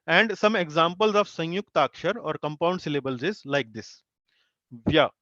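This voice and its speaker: A man, a Hindi speaker, teaching an online class, explaining slowly with many fillers and repeated syllables. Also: on the high side, expressive, fairly bright tone, no room sound, lo-fi sound. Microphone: video call.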